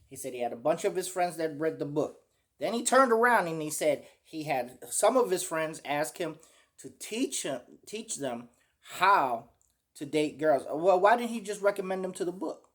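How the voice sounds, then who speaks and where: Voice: mid-range voice, lively intonation, moderate pace. Indignant, profane reaction commentator. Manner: indignant, profane, addresses viewers as y'all.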